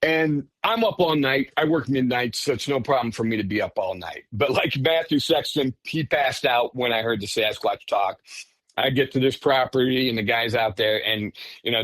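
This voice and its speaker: A man telling his own story as a podcast guest in a casual, animated way, often breaking off and restarting. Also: mid-range voice, normal speed, no room sound. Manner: animated, self-interrupting, says "frickin'". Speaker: podcast guest recounting encounters.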